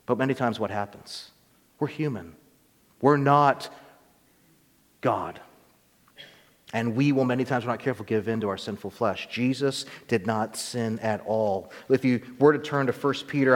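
A pastor preaching a sermon in a church, his mid-pitched voice swelling on key words and dropping low at the ends of phrases. He slows right down for scripture, then speeds up when telling a story. The sound carries a long reverb from the hall. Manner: dynamic preaching, slow scripture reading, quick anecdotes.

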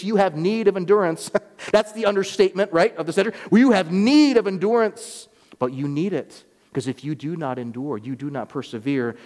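A male pastor delivering a sermon, rising to emphatic peaks and dropping to quiet, earnest lines. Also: mid-range voice, long reverb tail. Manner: preaching with rising emphatic swells and quiet drops. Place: church sanctuary.

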